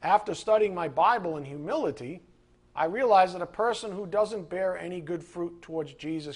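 A middle-aged man preaching a fiery sermon to a class, building to angry shouting. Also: high voice, normal speed, breathy edge. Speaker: preacher teaching a Bible class.

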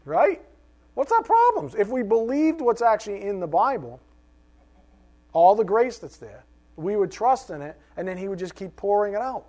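A middle-aged male pastor preaching a sermon, animated, with rhetorical questions and joking asides. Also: sits high, normal speed.

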